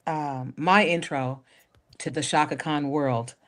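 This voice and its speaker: A woman, a guest singer, chatting in an interview and telling animated stories. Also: sits low, slow pace. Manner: animated storyteller, acts out quotes. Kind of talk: casual interview chat.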